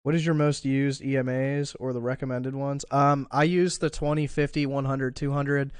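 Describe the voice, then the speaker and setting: With a medium, fairly flat voice, this man streams live crypto market analysis at a moderate, smooth pace. He thinks out loud in a casual way, with fillers, restarts and a spell of hiccups, all captured in a dry recording.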